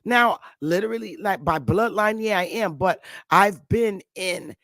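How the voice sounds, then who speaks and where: A woman's voice: mid-range voice, measured pace, fairly bright tone, no room sound. A woman in her fifties giving a casual, rambling monologue to her viewers, repeating herself and calling them sweetheart and love. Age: 50s. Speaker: channel host. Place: Connecticut.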